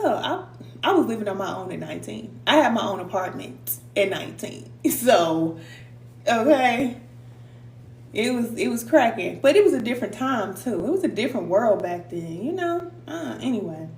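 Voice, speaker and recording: A woman's voice: fairly high pitch, big pitch swings, moderate pace, a little mellow. A middle-aged woman hosting a casual live stream, talking informally with viewers, laughing often and reading out their comments. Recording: echoey room with faint hum.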